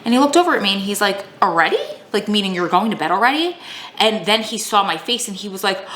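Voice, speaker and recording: A woman's voice: medium pitch, expressive, fast talker, fairly bright tone. A young adult woman telling a personal story in a candid, emotional way. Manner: emotional, tearful at times, candid. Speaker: vlogger. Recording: echoey room, faint ambience.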